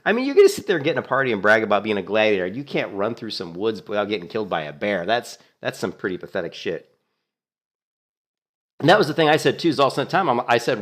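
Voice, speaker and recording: A man's voice: lowish voice, sing-song, quick pace, a bit bright. A man giving casual commentary on his gameplay, amused and retelling chat messages. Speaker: game streamer.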